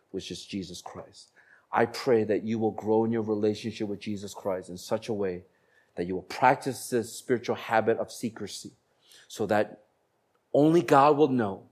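A man preaching a sermon as a pastor, slowing down to stress key phrases and growing animated when he tells stories. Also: mid-range voice, breathy edge. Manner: animated storytelling, bursts of laughter and acted voices; slows down for emphasis on key phrases.

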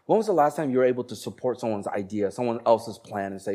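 A man preaching a sermon as a pastor, slowing down to stress key phrases and growing animated when he tells stories. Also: mid-range voice. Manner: animated storytelling, bursts of laughter and acted voices; slows down for emphasis on key phrases.

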